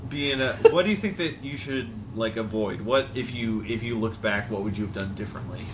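A man's voice: lowish voice, brisk, slight background noise. A man co-hosting a podcast, joking around and laughing a lot. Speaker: podcast co-host. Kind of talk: casual podcast chat.

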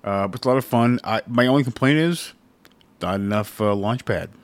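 A man's voice: mid-range voice, a little fast, no room sound. Rambling man on a podcast. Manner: rambling with many fillers and restarts; swears casually. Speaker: podcast co-host. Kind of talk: casual chat.

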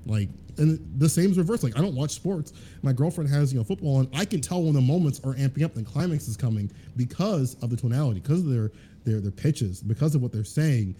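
A man's voice: medium pitch, lively intonation, fast, warm tone, a little hiss or hum. A man talking as a podcast guest, in a rambling, earnest way full of fillers. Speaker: guest fighting game commentator. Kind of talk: casual podcast chat.

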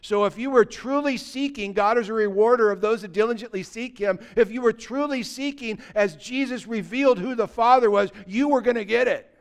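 A man, a pastor preaching a sermon and telling stories, swinging from loud passages to hushed ones. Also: very high voice, a little fast, hardly any pauses. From United States.

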